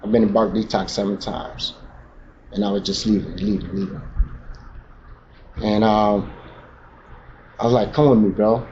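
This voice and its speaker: A man with a lowish, fairly monotone voice tells his recovery story at a meeting, speaking a little slowly and pausing often. His testimony is raw and emotional, full of street slang. The recording is dull and lo-fi with faint noise in the background.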